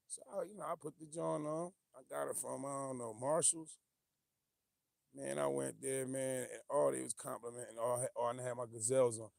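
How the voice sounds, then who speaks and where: Gravelly, rambling man chatting live. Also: mid-range voice, a little fast, dry recording, studio quality. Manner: rambling and animated, loses his train of thought, laughs often. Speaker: livestream host. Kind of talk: casual livestream chat reading viewer comments.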